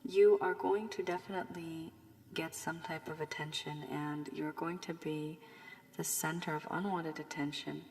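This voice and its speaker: A woman giving a rambling tarot reading while recovering from a cold, her voice strained and husky, slipping at times to a whisper. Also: sits low, long reverb tail, a little hiss or hum. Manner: loose and rambling with many fillers, warning and advising. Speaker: tarot reader. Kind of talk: casual tarot reading monologue.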